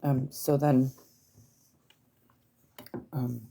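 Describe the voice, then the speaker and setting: A woman with a notably low, gravelly voice chats casually to her stream viewers. She rambles loosely, swears freely and fills her talk with ums and likes. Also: normal speed, dark tone. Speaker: livestreamer. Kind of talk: casual livestream chat.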